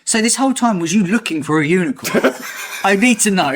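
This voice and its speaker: A man's voice: high voice, expressive, fairly quick, background noise. Man ranting jokily about a film. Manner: jokey, ranting, puts on silly voices. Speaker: podcast co-host. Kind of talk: casual film review chat.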